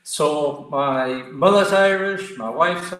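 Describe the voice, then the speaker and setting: A man with a Geordie accent, a martial arts guest telling stories in a lively, chatty way. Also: a little high, slow, a little hiss or hum. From Newcastle, England. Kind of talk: casual storytelling interview. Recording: echoey room.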